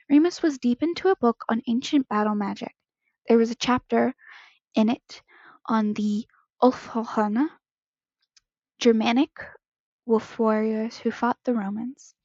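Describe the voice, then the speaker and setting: A woman with a fairly high voice reads fan fiction aloud, stumbling over words and correcting herself as she goes. The recording is close and dry, from a home microphone with a slightly muffled, lo-fi tone. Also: a little mellow, no room sound. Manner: unpolished reading with stumbles and self-corrections. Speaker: podfic reader.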